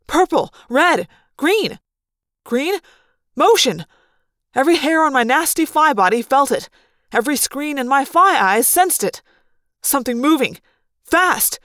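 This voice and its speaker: A woman reading a fan audiobook, narrating in first person with lively, dramatic delivery. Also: high-pitched, measured pace, pauses often, no echo, studio quality. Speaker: audiobook reader.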